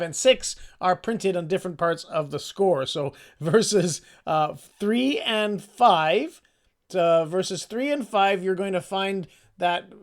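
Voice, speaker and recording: A man leading a casual singing lesson, chatty and self-deprecating, explaining the score and singing short phrases to demonstrate. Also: a little high. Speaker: choir practice leader.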